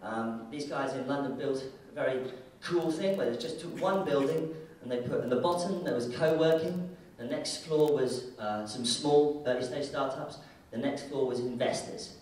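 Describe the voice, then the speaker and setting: A man's voice: mid-range voice, normal speed, darkish tone, a little hiss or hum. A man giving a casual, joking conference keynote talk in an irreverent manner, from the United Kingdom. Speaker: keynote speaker. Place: large conference hall. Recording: echoey hall, mic heard from far off.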